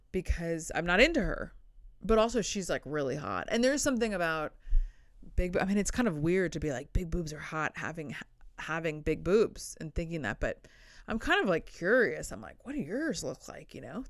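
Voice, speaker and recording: Rambling woman comedian with a smooth, dry voice. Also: lowish voice, fairly bright tone, dry recording. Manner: rambling, blunt, self-deprecating. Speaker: podcast host, comedian. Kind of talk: casual solo comedy podcast. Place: indoors, sitting on the floor.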